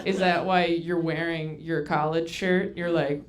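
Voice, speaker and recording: A woman doing stand-up comedy with dry, self-deprecating quick punchlines, live before an audience. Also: lowish voice, fairly even intonation, a little hiss or hum. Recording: live stage recording, crowd laughter. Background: audience laughter.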